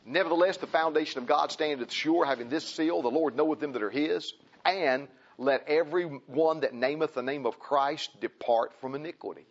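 A man preaching a sermon, impassioned and repetitive, swinging from loud emphasis to quiet pleading. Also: on the high side, normal speed. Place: church. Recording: dull lo-fi recording.

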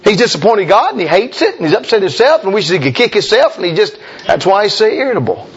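A man preaching a sermon, folksy and emphatic, with sudden shouts and slow drawn-out lines. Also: high voice, big pitch swings, slightly rough, lo-fi sound.

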